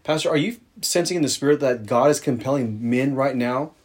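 A man's voice: mid-range voice, a little fast, breathy edge. A man co-hosting a faith podcast who chats casually, asks the pastor questions and often murmurs agreement. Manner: affirming, frequent soft backchannel agreement. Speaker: podcast co-host. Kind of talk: casual chat.

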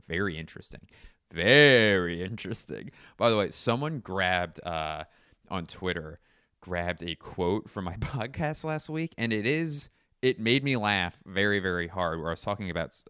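Man, thirties, comedian podcast host, rambling monologue, absurd deadpan tangents, dry close sound. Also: low voice, clear, resonant tone, dry recording. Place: home.

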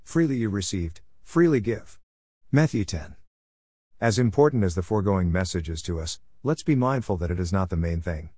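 A man's voice: low-pitched, lively intonation, moderate pace, a little mellow, husky, no echo. A man reading a devotional teaching aloud in an earnest, emphatic preaching cadence. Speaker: devotional writer and reader.

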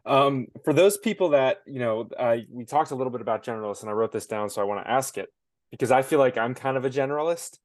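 A man's voice: mid-range voice, quick pace, no echo, clean studio sound. A man hosting a podcast interview, enthusiastic and chatty, asking his guest a question. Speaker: podcast host. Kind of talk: casual interview.

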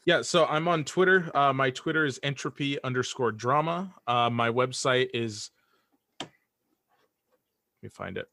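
A man's voice: mid-range voice, unhurried, pauses often, sharp tone. A man guest on a podcast talking in casual chat, hesitant with lots of restarts. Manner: hesitant, many restarts and fillers. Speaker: guest, audio drama writer.

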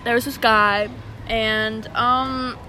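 A woman's voice: a little high, steady tone, slow pace, loud music behind the voice. A young woman in casual chat, telling stories with fillers and some casual swearing. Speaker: podcast co-host.

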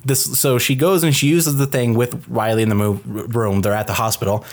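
A man's voice: medium pitch, brisk, gravelly. A man in a loose podcast chat about a film, his talk full of swearing, restarts and filler "like". He rambles through his points and jumps into acting out the characters' lines. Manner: animated, acts out characters' lines mid-sentence. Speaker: podcast co-host reviewing a film. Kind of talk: casual chat.

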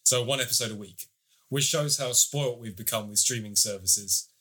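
A man's voice: mid-range voice, normal speed, pushed and bright, breathy edge. A man co-hosting a podcast, casually summarizing and reviewing a TV series at length, with the odd swear. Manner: chatty, swears casually, long plot summaries.

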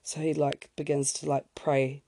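Chatty woman with a gravelly, mellow voice. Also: sits low, little pitch movement, normal speed. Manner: chatty, lots of fillers, self-interrupting asides. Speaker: podcast host. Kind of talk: casual storytelling.

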